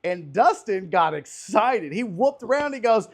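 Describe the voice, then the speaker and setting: A man's voice: sits high, very animated, normal speed, hardly any pauses, breathy edge. A man hosting a casual podcast chat, a comedian telling profane, rambling stories on an outdoor patio. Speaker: podcast host and stand-up comedian.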